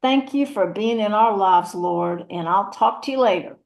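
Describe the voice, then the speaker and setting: A woman's voice: mid-range voice, moderate pace, vocal fry, lightly acted. A woman voicing a chatty, churchgoing rural mama, rambling in a folksy, motherly way. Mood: earnest prayer. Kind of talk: one-woman audio play reading.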